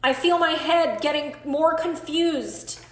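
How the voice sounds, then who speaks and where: High-voiced woman coaching a group. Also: takes it slowly, roomy sound. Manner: earnest, emphatic, talks straight to the group. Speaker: coach leading an online class. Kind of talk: live group coaching call.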